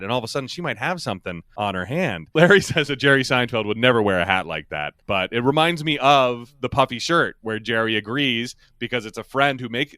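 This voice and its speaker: Male co-host, loose and chatty, laughs easily, bright tense tone. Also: mid-range voice, smooth, no echo, studio quality. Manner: chatty, laughs often, rambling asides. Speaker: podcast co-host. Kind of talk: casual recap chat.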